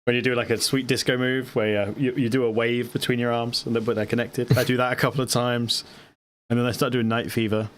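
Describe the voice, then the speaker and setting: A man's voice: medium pitch, flat delivery, fairly quick. A man playing a tabletop game, talking in a rambling, playful way with many restarts. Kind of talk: casual tabletop game chat.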